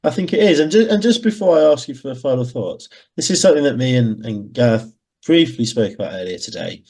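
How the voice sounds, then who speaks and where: Husky, jokey Midlands podcast man. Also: mid-range voice, animated, fast talker, a little mellow. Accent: English Midlands. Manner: jokey, banter-filled, laughs often. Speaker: podcast co-host. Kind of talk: casual chat.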